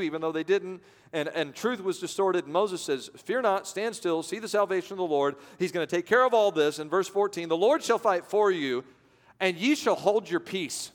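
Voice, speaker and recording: A man pastor preaching a sermon, swinging from loud to hushed and acting out voices. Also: on the high side. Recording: long reverb of a large hall.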